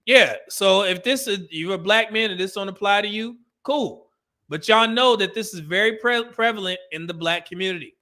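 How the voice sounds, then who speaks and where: High-voiced, bright man giving blunt commentary. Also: moderate pace. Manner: blunt, emphatic, preachy. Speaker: show host. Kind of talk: opinionated commentary.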